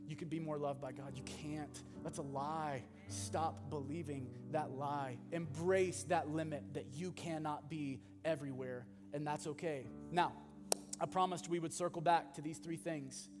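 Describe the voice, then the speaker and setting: A male pastor preaching a sermon, animated, swinging from loud bursts to hushed asides. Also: a little high, unhurried. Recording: long hall reverb with music behind.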